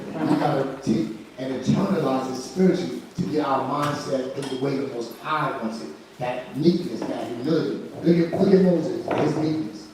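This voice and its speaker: A man in a study group offering casual, animated comments on scripture and asking questions. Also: fairly high pitch. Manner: animated, conversational, asks questions. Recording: echoey room, far from mic, background noise.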